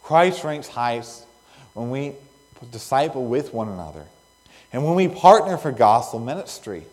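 A man preaching a sermon as pastor, earnest, with pauses and swells of emphasis between phrases. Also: mid-range voice, big pitch swings, a little mellow, faint music behind. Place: church sanctuary. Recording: long reverb of a church hall.

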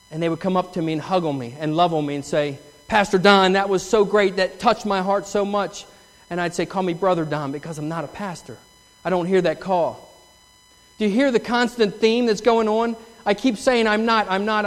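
A man with a notably high voice tells his story earnestly and with feeling, as a testimony from the front of a church. His words ring out into the long reverb of a large sanctuary. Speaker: church member giving testimony. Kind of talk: testimony sermon.

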